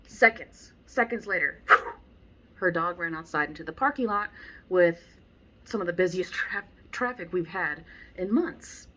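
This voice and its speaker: A woman with a fairly low voice talks through dog-training tips in a loose, chatty way. She is blunt and lively, and her asides carry an exasperated edge. She teaches as much by telling stories as by giving instructions. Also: normal speed, slight background noise. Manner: animated, acts out people she describes. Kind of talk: casual instructional talk.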